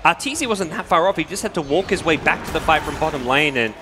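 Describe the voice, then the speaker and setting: A man giving animated, emphatic color commentary as an esports co-caster. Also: a little high, quick pace, noisy background.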